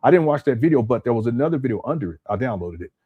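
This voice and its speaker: A man's voice: medium pitch, lively intonation, rapid-fire, breathy edge, narrow, tinny audio. A man hosting a casual live stream at home, rambling and repeating his words as he talks to his chat. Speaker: commentary channel host. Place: hot home room.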